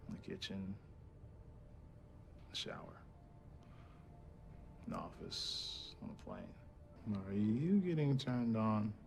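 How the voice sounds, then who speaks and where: An actor playing a smooth, flirtatious rich tech entrepreneur who talks in a suggestive, teasing way. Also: male voice, lowish voice, big pitch swings, slow pace, long pauses, a little mellow, slight background noise, full character voice.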